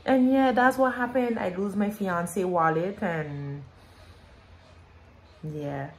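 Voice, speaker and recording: A woman's voice: medium pitch, takes it slowly, heavy background noise. A woman telling an emotional story in her vlog. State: pregnant. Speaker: vlogger.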